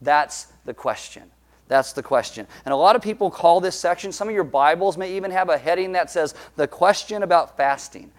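A man preaching a sermon, telling stories with quick jokes and asides. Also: on the high side. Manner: jokey, animated storytelling with quick asides. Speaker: pastor.

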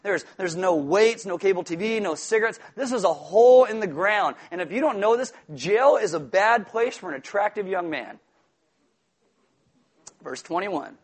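A man preaching a sermon in an animated, joking way, acting out quoted voices. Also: high-pitched, moderate pace, slightly rough. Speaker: pastor.

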